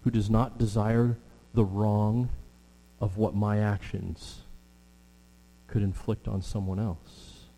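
A middle-aged man preaching a sermon with earnest, drawn-out emphasis and frequent fillers. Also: fairly low pitch, little pitch movement, warm tone. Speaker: pastor. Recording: long hall reverb with mains hum.

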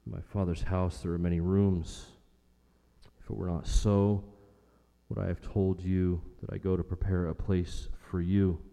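A man preaching an earnest sermon in a somewhat low, mellow voice. He repeats phrases for emphasis and slows down on the key lines. His voice carries a long reverb, as if it fills a church hall. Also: flat delivery, gravelly. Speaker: pastor.

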